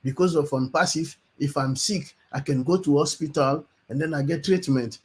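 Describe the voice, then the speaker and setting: A man's voice: fairly high pitch, moderate pace. A man giving an earnest testimonial on a live webinar, repeating phrases for emphasis.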